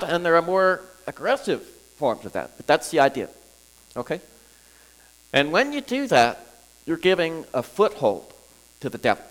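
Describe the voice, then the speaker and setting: A man preaching to a congregation, talking in a halting way with many restarts and frequent chuckles. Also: fairly high pitch, a bit bright, poor audio. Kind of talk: sermon teaching. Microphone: recorded for viewers at home.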